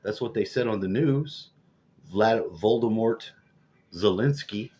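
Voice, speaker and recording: A man over forty with a fairly low, warm, husky voice speaks slowly. In a rambling vlog with dull lo-fi audio, he delivers a profane, sarcastic political rant.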